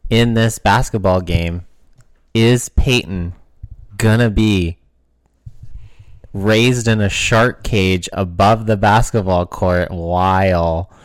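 Deep-voiced sarcastic man on podcast. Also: slow, dry recording. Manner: sarcastic, profane, wrestling jokes. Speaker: podcast co-host. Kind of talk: casual chat.

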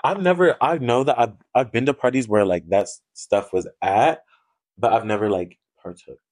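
A young man co-hosting a casual podcast at an ordinary middle pitch. He tells stories in a relaxed, profane way and laughs often. It sounds like chatting with a friend. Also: moderate pace. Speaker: podcast co-host. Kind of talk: casual chat.

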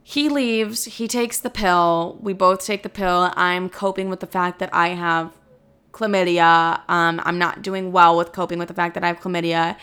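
A woman's voice: on the low side, steady tone, normal speed, fairly bright tone, smooth. A young woman in her twenties telling a storytime, dramatic and profane, saying 'like' constantly. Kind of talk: casual storytime monologue.

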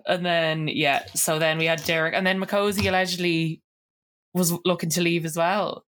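Woman podcast co-host, very low pitch, wry casual chat. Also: flat delivery, a bit bright. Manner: wry, quick reactions, laughs through remarks.

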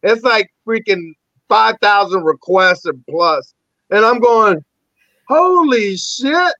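A man, an actor and army veteran, telling animated, profanity-laced stories as a podcast guest. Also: high voice, slow pace, no room sound. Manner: animated, rambling, heavy swearing. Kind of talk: casual storytelling interview. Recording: dull lo-fi dry recording.

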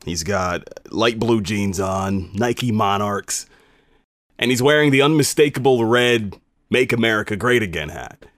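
A man, a radio host, telling a personal story in an animated, conversational, emphatic way. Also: lowish voice, unhurried, no room sound, clean studio sound.

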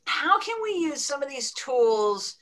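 A woman hosts an interview with a fairly high voice. She asks questions and chimes in with her own experience, keeping an encouraging tone. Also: very animated, unhurried, a bit bright. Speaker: host, persuasion speaker.

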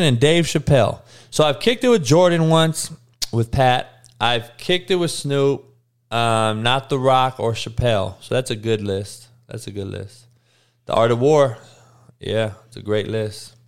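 Hungover male stream host, sluggish and profane, clean resonant voice. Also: mid-range voice. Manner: crude, blunt trash talk with frequent swearing; slow, monotone delivery. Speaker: live-stream host reading chat. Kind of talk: casual profane live-stream chat.

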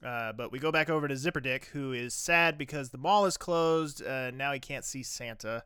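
A man co-hosting a casual podcast and recapping a TV episode in a wry, animated way. His voice is bright and crisp, recorded close and dry with no room around it. He swings between loud outbursts and muttered asides. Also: medium pitch, moderate pace, no room sound. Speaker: podcast co-host.

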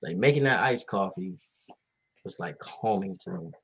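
A man chatting in a relaxed, laid-back way, musing about everyday habits. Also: deep voice, moderate pace, breathy edge, rough recording. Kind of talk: casual chat.

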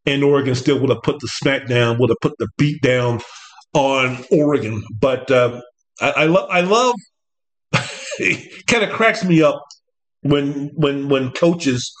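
A man hosting a casual sports talk show, rambling and animated, slipping now and then into mocking impressions of coaches. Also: medium pitch. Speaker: podcast host.

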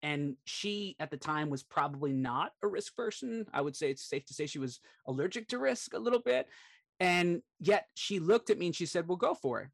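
A middle-aged man with a fairly high voice tells a personal story as a podcast guest. He speaks earnestly and with animation, often filling gaps with "like". His delivery is conversational storytelling rather than a scripted read. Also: moderate pace, gravelly. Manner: earnest, animated retelling, frequent "like" fillers.

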